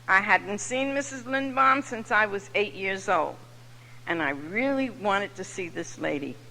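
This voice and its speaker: A woman, telling her own story at a recovery meeting with lively comic timing. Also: medium pitch, gravelly. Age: 70s. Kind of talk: personal testimony to a live audience. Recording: echoey hall from far off.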